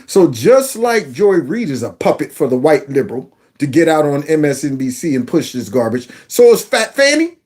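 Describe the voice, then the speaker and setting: Man, reaction commentator, folksy and excitable, pitch all over the place. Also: moderate pace, hardly any pauses. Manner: animated, folksy, talks back to the clips. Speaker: commentator reacting to news clips.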